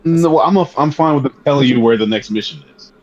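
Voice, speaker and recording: A man's voice: medium pitch, fast talker, a little mellow. A man joining a casual gaming podcast as a guest, bantering in a joking, laid-back way. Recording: dull lo-fi audio.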